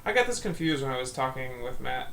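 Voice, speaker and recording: Chatty, gravelly man streaming a game. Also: mid-range voice, very animated, a bit bright, a little hiss or hum. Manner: chatty, rambling, quick to crack jokes. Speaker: let's play streamer. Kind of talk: casual game stream chat.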